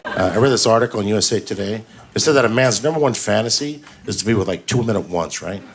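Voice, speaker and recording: A man's voice: lowish voice, quick pace, husky. A man doing a stand-up comedy set, crude and rambling, acting out other people's lines. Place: comedy club stage. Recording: live club set with loud crowd laughter and noise.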